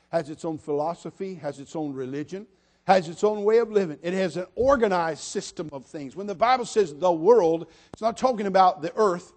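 Preacher, male, high-pitched, sermon delivery with humorous asides and loud appeals. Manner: swings from quiet asides to shouted appeals; humorous storytelling, repeats "listen to me".

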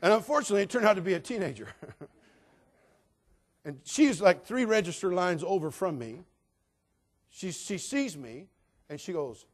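A male pastor delivering a sermon in a slightly higher-than-usual voice. He preaches with humor and drive, rising to loud, emphatic bursts and then dropping to low, confiding asides. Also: animated, moderate pace, pauses often.

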